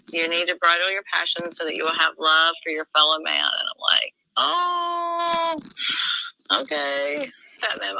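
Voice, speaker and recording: A woman's voice: on the low side, gravelly, bright, forceful tone, a little hiss or hum, rough recording. A middle-aged woman in an emotional personal conversation, talking fervently and acting out dialogue with big swings in her voice.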